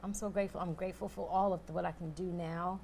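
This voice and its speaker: A woman's voice: on the low side, fairly even intonation, quick pace, gravelly, darkish tone, slight background noise. A woman guest speaking in an interview, emotional and grateful, often stopping to restart her sentences. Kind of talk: earnest interview talk.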